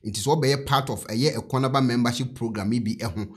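A Ghanaian man with a Ghanaian accent addresses his viewers as channel host. His voice is husky and sits at a middle pitch. He explains things plainly, one step at a time. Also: quick pace.

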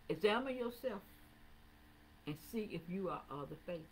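A woman pastor preaching a sermon in a church, rising into sing-song repeated calls and dropping low to talk plainly with the congregation. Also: lively intonation, normal speed, long pauses, a little hiss or hum, low-quality recording. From Southern United States. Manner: preaching with swelling, sing-song emphasis and repetition. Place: church sanctuary, also streamed online.

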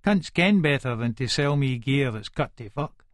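Narrating in first person for a full-cast audiobook, an actor takes on a menacing, foul-mouthed, volatile middle-aged Leith man, his Edinburgh Scots accent coarse and full of swearing. The male voice is medium in pitch, expressive and close to everyday speech, moving at a moderate pace in clean studio sound with no room tone.

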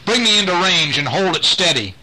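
A man's voice: high-pitched, big pitch swings, normal speed, sharp tone, breathy edge, pitched above the performer's own voice, heavily acted, low-quality recording. A man voicing a ruthless doctor who barks orders, in a bedtime story he reads aloud. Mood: commanding. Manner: barking orders.

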